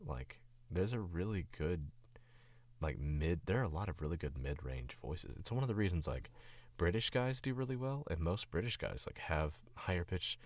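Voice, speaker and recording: A young male voice actor with a deep voice chats casually on stream while editing his own audio. Speaking into a studio mic in a dry recording, he rambles and criticizes himself.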